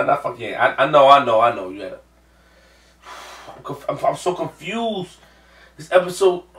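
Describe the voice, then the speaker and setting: A man rants through a live manga reaction with profanity, dropping into mumbled recaps and bursting into yells. His voice sits a bit high and sounds sharp and tense. He is recorded from a distance in a roomy, echoey space. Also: vocal fry, slight background noise. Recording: echoey room, far from mic.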